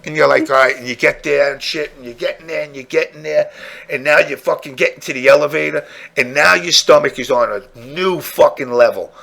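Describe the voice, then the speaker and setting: Casting: lively male podcast host, gravelly and bright, vulgar comic storyteller. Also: on the high side, a little fast. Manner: crude, animated, acts out dialogue. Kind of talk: comedic storytelling.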